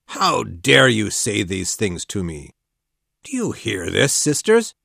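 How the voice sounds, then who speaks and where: A woman's voice: a bass voice, wildly swooping pitch, slow, gravelly, no room sound, clean studio sound, pitched below the performer's own voice, exaggerated voice. A woman voicing a furious, spoiled young boy who bullies his cousin, in a storybook reading. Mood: outraged. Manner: growling outraged shouting. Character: spoiled bullying schoolboy, furious. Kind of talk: audiobook narration.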